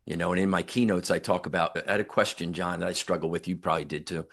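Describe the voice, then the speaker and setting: A man's voice: sits low, little pitch movement, fast talker, gravelly, a bit bright, a little hiss or hum. An older man, a guest on an interview podcast, earnestly retelling a near-death story and voicing the people in it. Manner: earnest, reflective, retells dialogue with emphatic quotes.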